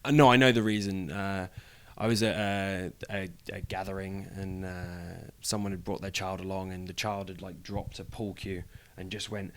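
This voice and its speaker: A young man with a British accent, a wrestler chatting as a guest in an interview, playful and quick to laugh. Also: deep voice, fairly even intonation. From United Kingdom. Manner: playful, jokey, laughs easily. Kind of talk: casual interview chat.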